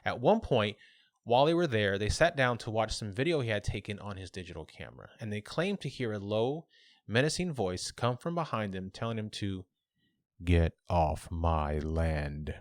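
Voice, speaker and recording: A man with a fairly low voice relaxes into a podcast retelling of a spooky legend. He wanders through it with fillers and restarts, and the recording is dry and close to the mic. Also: big pitch swings, brisk, no echo. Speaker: podcast co-host. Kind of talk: casual podcast chat, telling a legend.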